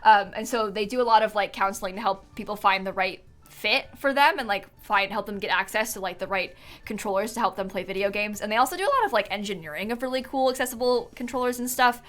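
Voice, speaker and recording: A woman of medium pitch talks fast with hardly any pauses, her tone fairly bright, while faint music plays behind her. Building in a game on stream, she chats casually and thinks aloud, full of fillers and frequent giggles. She's tired, yawning every so often.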